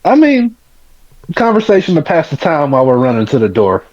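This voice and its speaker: A player in a tabletop game, loud and animated. The pitch moves around a lot, and the voice comes through dull, muffled audio. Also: fairly quick, a crowd in the background.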